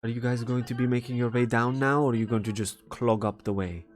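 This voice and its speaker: A man's voice: medium pitch, steady tone, a little fast, lightly acted. A man voicing an impatient woman adventurer who talks brusquely.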